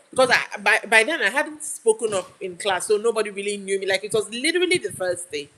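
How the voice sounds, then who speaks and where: A woman's voice: medium pitch, lively intonation, fast talker, few pauses, a bit bright, slight background noise, poor audio. A Nigerian woman telling a story in a casual livestream, chatty and laughing, often restarting her sentences. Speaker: YouTube live streamer.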